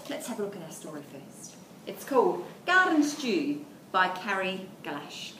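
A woman's voice: mid-range voice, sing-song, moderate pace, a bit bright, recorded from a distance. A woman with an Australian accent leading a toddler storytime, singing rhymes and reading a picture book in an encouraging, sing-song way. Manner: sing-song, encouraging, talking to small children. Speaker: children's librarian. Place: library room. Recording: echoey room, faint background hum.

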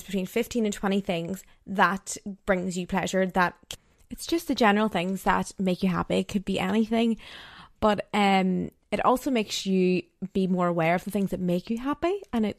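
A young woman talks through her own podcast in a loose, chatty way, full of fillers, slipping into little acted-out quotes. Her voice sits at an ordinary middle pitch, recorded close and dry with no room sound. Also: dry recording. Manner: chatty, frequent "like" fillers, acts out quoted dialogue. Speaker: podcast host. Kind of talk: casual solo podcast monologue.

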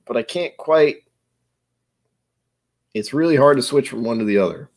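A man's voice: on the low side, darkish tone. An American man in his forties hosting a casual livestream chat, rambling and joking with frequent chuckles. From United States. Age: 40s. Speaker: livestream host.

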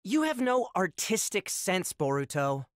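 A woman's voice: fairly low pitch, big pitch swings, a little slow, no room sound, clean studio sound. A woman playing Inojin, a smug teen ninja boy. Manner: smug, needling, matter-of-fact. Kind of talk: video game cutscene dub.

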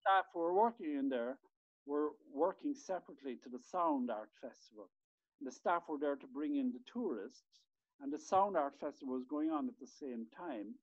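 A man's voice: a little high, expressive, moderate pace, no echo, dull audio. A man, a podcast guest telling a rambling, profane story in casual chat. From Ireland. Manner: rambling, swears freely, many restarts.

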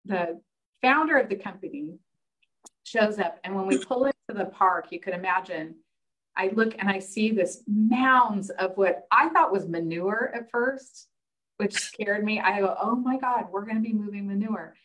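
A woman hosting a casual discussion, telling an animated story and acting out the dialogue. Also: medium pitch, moderate pace, poor audio. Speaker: host. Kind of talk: casual chat.

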